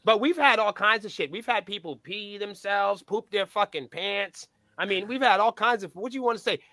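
A man with a high, bright and forceful voice tells a rowdy road story as a podcast guest. He swears freely and acts out each line of dialogue. The sound is close and dry, with no room echo. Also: moderate pace. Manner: profane, animated, acts out dialogue. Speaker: band member, guest. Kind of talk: casual storytelling.

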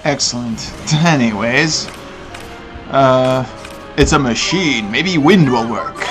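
A man's voice: medium pitch, takes it slowly, fairly bright tone, faint music behind. A young man giving crude, jokey let's play commentary, laughing often. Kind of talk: casual gameplay commentary.

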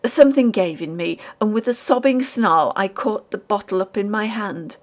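A woman narrating a ghost story audiobook in a measured, dramatic storytelling manner. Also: medium pitch.

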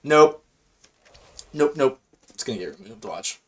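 A man hosting a gaming video, giving casual live commentary on his own play in a chatty, slangy and excitable way, thinking out loud. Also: medium pitch, a little slow.

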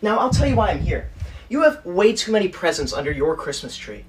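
Speaking high and sing-song, a man acts the part of a self-righteous teacher's pet for a comedy sketch, preachy and whiny, forever on the verge of telling the teacher. A little hiss or hum can be heard.

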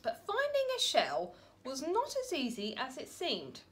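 Woman, storybook reader for children, slow and unhurried, very lively sing-song pitch. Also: background noise. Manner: gentle, expressive storytelling with dramatic pauses. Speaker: family centre worker reading to children. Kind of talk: children's storybook read-aloud.

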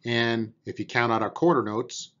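Man, drum teacher, beginner lesson, patient, encouraging, counts beats aloud, mid-pitched voice, dull lo-fi audio. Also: steady tone, moderate pace, fairly bright tone.

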